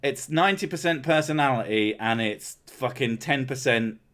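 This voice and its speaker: A man's voice: mid-range voice, moderate pace, a bit bright. Swearing man ranting on a podcast. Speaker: podcast host. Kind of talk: casual podcast chat.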